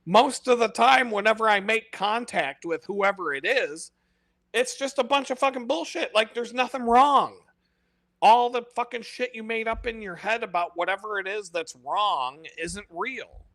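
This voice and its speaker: A man's voice: sits high, normal speed, a bit bright, no echo. A man hosting a live stream, ranting in an unscripted monologue, profane and exasperated but mocking himself.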